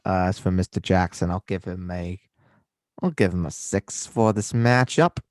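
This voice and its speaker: A man's voice: low voice, normal speed, no echo, studio quality. A man co-hosting a fantasy football podcast, chatting casually and hamming up a folksy put-on Minnesota accent. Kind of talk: casual chat.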